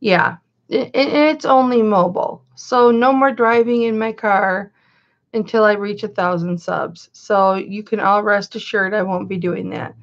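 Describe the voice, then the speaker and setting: A woman's voice: medium pitch, unhurried, lo-fi sound. A woman hosting a chatty livestream, greeting viewers by name and calling herself Mama. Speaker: live-stream host and reseller.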